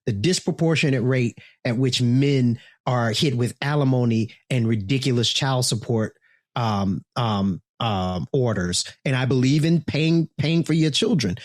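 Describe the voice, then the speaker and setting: A man's voice: mid-range voice, no echo, studio quality. Blunt, joking male co-host. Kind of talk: casual podcast chat.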